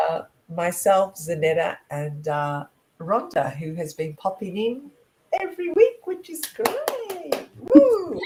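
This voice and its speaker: A woman hosting a casual online chat, her pitch swinging up and down as she tells things. She speaks slowly and draws out words for emphasis, and she laughs easily. The sound is from a video call. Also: poor audio. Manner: animated, laughs often, stretches words for emphasis. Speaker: co-host of an online talk show.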